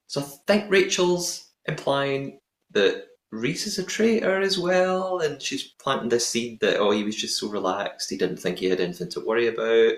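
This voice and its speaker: A male podcast host talking through a TV episode in an easygoing, chatty way. His voice sits at an ordinary pitch. The room around him rings with echo. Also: normal speed. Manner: chatty, laughs at own attempted accent. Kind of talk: casual recap chat. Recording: echoey room.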